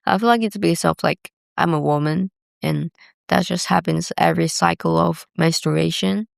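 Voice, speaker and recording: A young woman hosts a solo podcast, rambling through casual, candid confessional talk and filling her sentences with "like." Her lowish voice is creaky and steady in tone at a moderate pace, recorded dry with studio quality.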